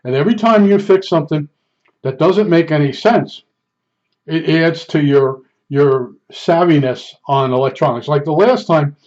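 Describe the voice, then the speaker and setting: A man with a somewhat high voice tells his stories casually, rambling and chuckling at himself. The sound is dull and lo-fi. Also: normal speed, a little mellow. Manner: rambling, chuckling, self-deprecating. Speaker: storyteller. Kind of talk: casual storytelling. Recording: dull lo-fi recording.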